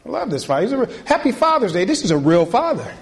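A man's voice: big pitch swings, fast. Preaching man. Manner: swings from loud, high preaching to quiet, low talk; folksy, conversational preaching with call-and-response. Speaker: pastor. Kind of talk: sermon.

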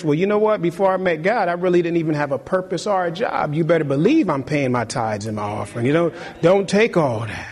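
A man's voice: on the high side, expressive, fairly quick, hardly any pauses, a little mellow. A man preaching a sermon, exhorting his listeners and hammering home key phrases through repetition.

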